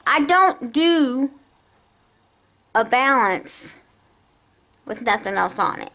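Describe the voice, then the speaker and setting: A woman ranting to camera, her voice raised and exasperated as she tells her story. Her pitch sits a little high and swings widely. She talks slowly and deliberately, leaning on each point. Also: a bit bright. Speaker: vlogger. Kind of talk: angry personal rant to camera.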